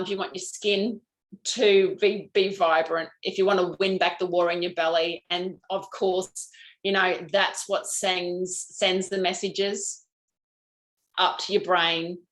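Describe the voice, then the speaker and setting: A bubbly, frank Australian woman, a lymphatic health practitioner, hosts a live stream and chats with viewers while answering their comments. Her voice is medium-pitched with a level tone and measured pace, though the audio is poor.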